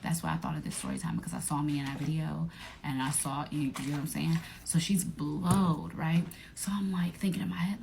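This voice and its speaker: A young woman, telling a profane storytime vlog in an animated way and acting out her friends' voices. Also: low voice, normal speed, creaky, a little hiss or hum. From Atlanta area, United States.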